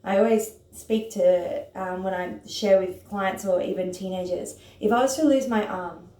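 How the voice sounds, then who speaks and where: A woman who teaches yoga and writes, talking casually and earnestly to her followers about self-compassion, at times rushing with excitement and then slowing herself down. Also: medium pitch, reverberant. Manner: excited, earnest, speeds up and slows down.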